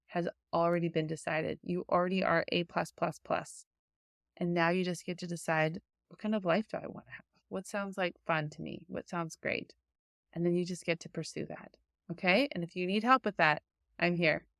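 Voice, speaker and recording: Woman coach talking on her podcast, chatty and rambly, lowish smooth voice, dry close sound. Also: no room sound. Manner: chatty, many fillers and restarts. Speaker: podcast host and life coach for quilters. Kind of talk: casual coaching monologue.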